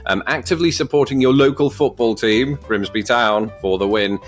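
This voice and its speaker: A man's voice: mid-range voice, moderate pace, faint music behind. A man reading quiz questions aloud and answering them, with wry jokes in between. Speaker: vlogger. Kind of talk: casual commentary while taking an online quiz.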